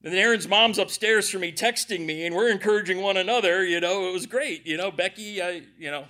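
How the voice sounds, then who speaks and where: A middle-aged man preaches a conversational sermon a little fast, his somewhat high voice pushed and bright. He cracks jokes, tells stories, and talks straight to the congregation.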